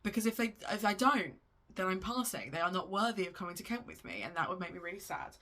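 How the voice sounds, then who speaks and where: A woman's voice: mid-range voice, expressive, fast talker, bright, forceful tone. A young woman vlogging about her books in a chatty, gushing way, often breaking off and restarting mid-sentence. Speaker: book vlogger. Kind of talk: casual chat about books.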